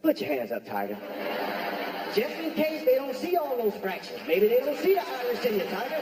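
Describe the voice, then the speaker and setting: Halting American man doing stand-up. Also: very high-pitched, very animated, a little mellow, some chatter behind, slight background noise. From United States. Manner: slow, hesitant delivery with many fillers. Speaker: stand-up comedian. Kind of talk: stand-up comedy. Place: comedy club stage. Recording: echoey hall with live audience.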